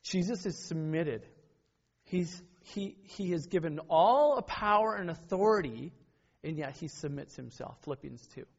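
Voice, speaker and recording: A man's voice: a little high, animated, unhurried, vocal fry, husky. A middle-aged man preaching a sermon in an earnest, conversational way, with personal stories and frequent self-corrections. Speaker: pastor. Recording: dull lo-fi sermon recording.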